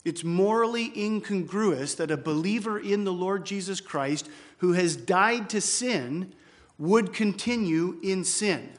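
A male pastor preaching an expository sermon in church, emphatic, slowing down to repeat key phrases. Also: high voice.

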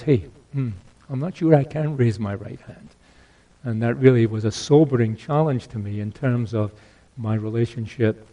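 An older man preaching a sermon, earnest, repeating key phrases and swinging between loud exhortation and hushed asides. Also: medium pitch, highs cut off.

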